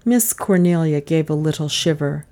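Woman narrator, low voice, mellow and even. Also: moderate pace. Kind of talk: audiobook narration.

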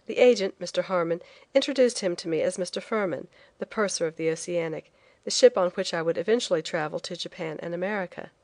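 Low-voiced woman reading a memoir. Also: fast, darkish tone, no room sound. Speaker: audiobook narrator. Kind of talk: first-person memoir reading.

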